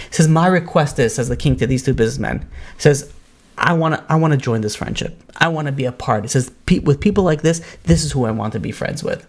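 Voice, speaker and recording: A man's voice: fairly high pitch, lively intonation, a little fast. A rabbi telling a story in a Torah class. He talks casually with many fillers and acts out the voices he quotes.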